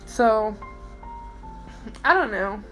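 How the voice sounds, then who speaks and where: A woman's voice: mid-range voice, animated, very slow, fairly bright tone, soft background music, rough recording. Rambling woman in a late-night podcast monologue. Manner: rambling, emotional, lots of fillers and restarts; swears casually. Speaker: podcast host.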